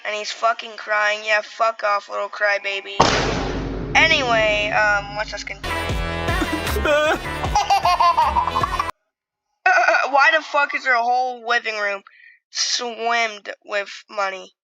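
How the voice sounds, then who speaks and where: A woman's voice: mid-range voice, fairly even intonation, unhurried. A young woman giving profane, mocking commentary as she reacts to a video, swearing constantly and laughing often. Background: loud music from the video she reacts to.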